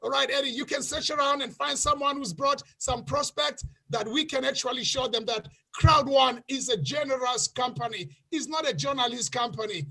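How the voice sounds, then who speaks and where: A man hosting an online sales webinar over a video call, excitable and often shouting to the participants. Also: very high-pitched, moderate pace, few pauses. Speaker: webinar host.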